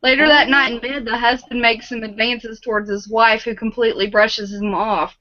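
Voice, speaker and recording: A woman with a high, bright voice tells a joke in an easy narrating tone during a casual online chat. Her voice comes through a dull, lo-fi line. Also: fairly even intonation, moderate pace, no echo. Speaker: chat show regular.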